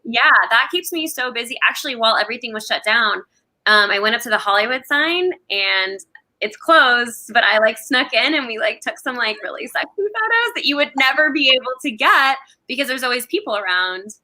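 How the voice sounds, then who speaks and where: A woman's voice: a little high, lively intonation, fairly quick, sharp tone. A woman from the American South, an actress chatting casually in an interview, with many "like" fillers. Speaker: actress guest.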